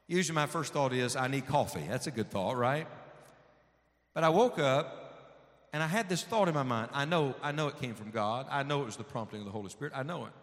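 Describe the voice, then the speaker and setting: A man's voice: mid-range voice, a bit bright. A man preaching a sermon, telling a personal story in a folksy way and acting out the dialogue. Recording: long hall reverb.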